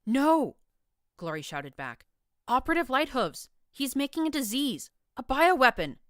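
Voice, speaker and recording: A woman's voice: sits low, animated, moderate pace, a bit bright, clean tone, dry recording, studio quality. A woman reading an earnest young pegasus mare in an audiobook, brittle and pleading. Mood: shouting.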